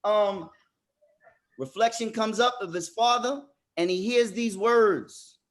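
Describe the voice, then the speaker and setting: A high-voiced man leads a fathers' workshop with emphatic, motivational delivery. He often restarts with doubled words. In the reflective stretches he goes soft and slow. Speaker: group facilitator.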